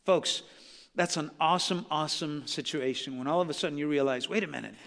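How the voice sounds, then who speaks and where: A man preaching in a fervent sermon, his voice climbing louder and more emphatic as he drives each point home. His tone is bright and high. It rings out with a long hall echo behind him. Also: fairly quick, vocal fry. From Southern California. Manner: impassioned preaching, rising to loud emphatic peaks. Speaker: pastor.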